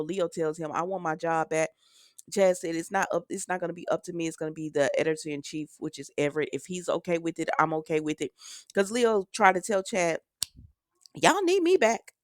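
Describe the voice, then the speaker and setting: A woman's voice: low-pitched, no echo, clean studio sound. A woman casually recapping a soap opera episode, chatting straight to her viewers and acting out the characters' lines in a loose, conversational way.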